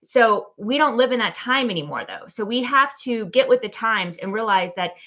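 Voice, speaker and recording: A woman hosting her own show, giving a casual, animated motivational talk full of "like" and "okay?". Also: on the high side, moderate pace. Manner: animated, chatty, lots of "like" and "okay?". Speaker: keynote speaker and show host.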